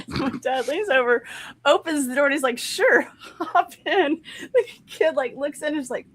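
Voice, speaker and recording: A woman from the American South telling family stories in a casual chat and laughing often as she goes. Her voice sits fairly high. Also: lively intonation, a little fast. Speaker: guest.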